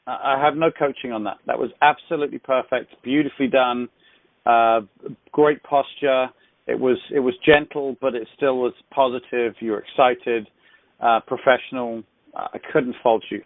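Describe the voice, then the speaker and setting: A man's voice: mid-range voice, steady tone, moderate pace, no echo. A man leading a sales accountability call on a headset, coaching with effusive praise and frequent restarts. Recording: tinny phone line, dry.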